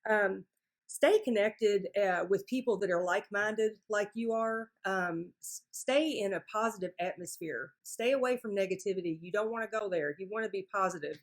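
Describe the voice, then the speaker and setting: A woman guest speaker giving an energetic, faith-filled pep talk to a support group over a video call. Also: medium pitch.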